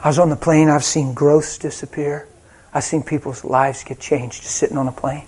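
A preacher with a slightly high voice delivers a sermon in a relaxed, conversational style. He tells personal stories and laughs often as he talks. Later he leads the congregation in a healing prayer. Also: normal speed, slight background noise.

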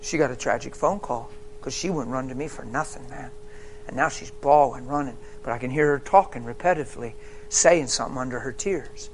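A man preaching a sermon as personal testimony, telling his story emphatically and swinging between hushed and loud. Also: mid-range voice, brisk, a little hiss or hum.

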